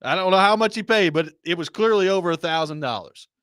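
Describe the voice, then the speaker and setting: A man hosting a sports talk show, telling a story in a casual, animated way with laughing asides. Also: high-pitched, quick pace, smooth, dry recording, clean studio sound. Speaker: sports radio host.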